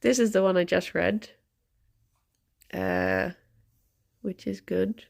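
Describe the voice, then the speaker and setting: Slow, gravelly woman streamer. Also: mid-range voice, sing-song, a little mellow. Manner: chatty, halting with fillers, baby-talks to her pet. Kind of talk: casual chat to a live stream.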